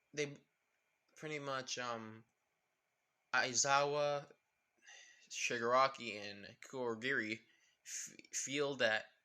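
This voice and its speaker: A man's voice: mid-range voice, pushed and bright. A young man casually improvising a fan story, rambling with many fillers. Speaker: fan fiction narrator.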